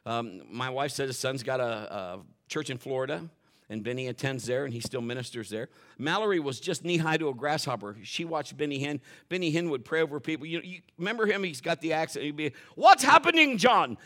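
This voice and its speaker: A middle-aged man preaching a sermon in a folksy, animated way, acting out quotes and dropping to a whisper for emphasis. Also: medium pitch, fairly quick. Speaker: pastor.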